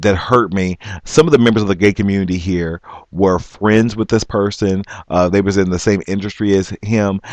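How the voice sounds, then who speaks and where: A man earnestly telling his own story on a vlog, halting and restarting often but emphatic. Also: low-pitched, dry recording. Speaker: vlogger. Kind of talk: personal storytelling.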